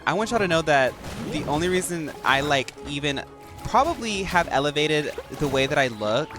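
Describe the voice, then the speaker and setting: Young adult streamer, rambling casual chat, mid-pitched voice, game music behind. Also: expressive, normal speed. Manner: rambling, chatty, many fillers. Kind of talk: casual chat while gaming.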